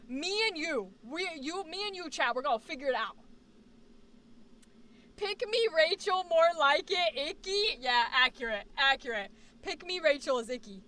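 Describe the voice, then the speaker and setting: A woman streamer and actor chatting casually and rambling jokily to her viewers. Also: high voice. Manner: animated, rambling, jokey. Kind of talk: casual live-stream chat.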